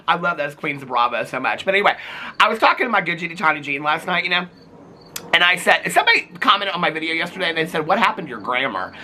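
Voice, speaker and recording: A man from Indiana vlogging about reality TV in a casual, animated, gossipy way with big swings in his voice. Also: fast talker, slight background noise. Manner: animated and dramatic, gossipy, big pitch jumps. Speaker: reality TV commentator. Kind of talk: casual chatty vlog.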